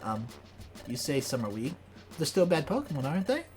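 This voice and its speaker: A woman's voice: low-pitched, big pitch swings, brisk, a little mellow, soft background music, voice pushed down. A woman voicing a timid young penguin Pokémon who speaks in a nervous, hesitant way.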